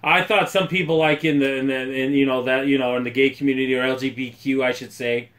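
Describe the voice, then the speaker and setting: A man co-hosting a casual episode review, enthusiastic and quick to laugh, often restarting his sentences. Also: medium pitch, steady tone, a bit bright. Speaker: co-host reviewer.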